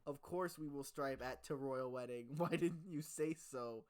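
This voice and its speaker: A man's voice: mid-range voice, a little slow, smooth, natural voice. A young man reading the lines of a brash, crude male pony stripper in a silly fanfic. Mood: cocky.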